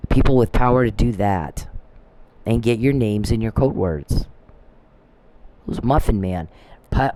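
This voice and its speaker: A man's voice: mid-range voice, mellow. A man in a rambling, profane recorded rant, accusing people by name and telling a story with quoted back-and-forth.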